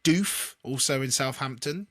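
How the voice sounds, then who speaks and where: A man's voice: mid-range voice, measured pace, no echo, clean studio sound. A man from Market Harborough with an East Midlands accent, co-hosting a podcast in casual chat and quizzing his co-host. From Market Harborough, East Midlands, England. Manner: animated, leads the chat with quizzing questions.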